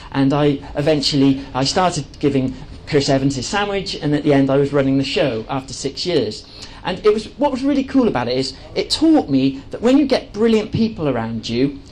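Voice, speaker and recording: A man's voice: a little high, darkish tone, a little hiss or hum, rough recording. A man giving an enthusiastic presentation to a live audience, chatty and full of fillers and restarts. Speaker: speaker at a live talk.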